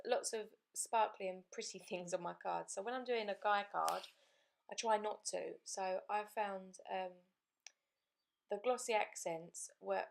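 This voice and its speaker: A woman narrates a card-making tutorial over her footage, chatty and explaining each step as she works. Her voice sits in a middle range with a lot of vocal fry in it. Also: mid-range voice. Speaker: card-making channel host.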